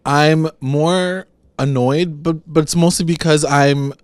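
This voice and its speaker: A man's voice: a little high, fairly even intonation, slow, smooth, no echo. Slangy laid-back guy recapping a show. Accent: Canadian. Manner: laid-back slangy retelling with acted-out quotes. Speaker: podcast co-host. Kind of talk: casual recap chat.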